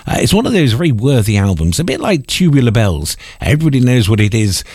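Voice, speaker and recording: Male radio host, lively swooping delivery, rambling and wry, dry close sound. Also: medium pitch, quick pace, breathy edge, dry recording. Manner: rambling, wry, jokes and corrects himself. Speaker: radio presenter. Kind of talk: casual radio chat.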